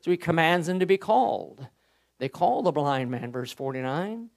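A male Baptist pastor preaching a sermon, impassioned, swinging between quiet, drawn-out words and loud, rising emphasis. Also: a little high, lively intonation, gravelly.

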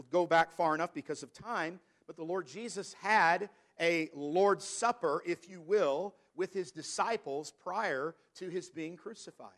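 A man preaching a sermon as pastor, reading scripture slowly and stressing key words. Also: sits high, fairly bright tone. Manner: preaching, reads scripture in King James wording, slows for emphasis.

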